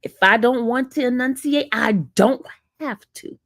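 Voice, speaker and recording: Speaking at a measured pace in a fairly high voice, this livestream host teases and sasses her chat in a casual stream, answering them back. She's from the northern US and has an East Coast American accent. The sound is studio quality with no echo.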